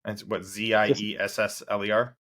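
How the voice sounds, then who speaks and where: A man hosts a podcast in a loose, friendly register, calling his guest dude and swearing freely. His voice sits fairly low. He rambles through thoughts with many restarts. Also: little pitch movement, a little fast, a bit bright. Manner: laid-back, swears, calls guest dude. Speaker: podcast host. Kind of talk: casual interview chat.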